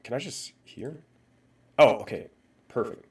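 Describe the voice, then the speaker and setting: A man's voice: medium pitch, unhurried, a little mellow, breathy edge. A man live-streaming in casual chat, swearing and muttering to himself while he fiddles with his audio settings.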